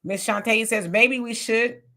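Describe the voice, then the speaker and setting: A woman hosting a casual live stream, reading viewer comments aloud and reacting with chatty, animated remarks. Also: on the high side, unhurried.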